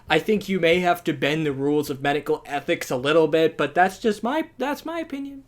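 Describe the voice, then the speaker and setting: A young adult movie reviewer giving a ranting, sarcastic video review, firing off rhetorical questions with animated exasperation. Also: mid-range voice.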